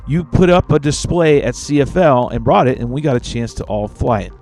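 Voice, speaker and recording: A man hosting a podcast, telling stories in an animated, casual way and swearing freely. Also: mid-range voice, a little fast, faint music behind. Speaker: podcast host. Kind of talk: casual chat.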